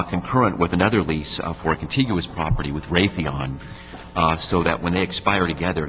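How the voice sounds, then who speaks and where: A man from city staff briefing a committee, sounding nasal and congested from allergies and talking haltingly with many fillers. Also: low-pitched, fairly bright tone. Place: council chamber. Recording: dull reverberant chamber with faint hum.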